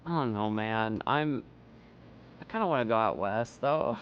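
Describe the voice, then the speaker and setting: Excitable man with a wildly lively voice. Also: moderate pace, clean tone, muffled recording. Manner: excitable, incredulous, jumps into loud high exclamations. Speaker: streamer. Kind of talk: let's play commentary.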